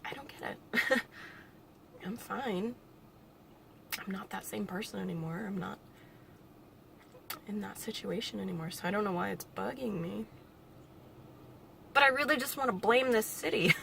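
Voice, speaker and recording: A young woman vlogging alone, talking in a halting, reflective way with nervous little laughs, emotional and close to tears. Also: medium pitch, creaky, a bit bright, a little hiss or hum. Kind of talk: personal vlog monologue.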